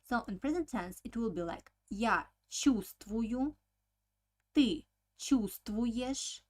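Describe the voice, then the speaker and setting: A woman teaching a language lesson, explaining step by step with many filler sounds and slowly repeating each word for practice. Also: fairly high pitch, animated.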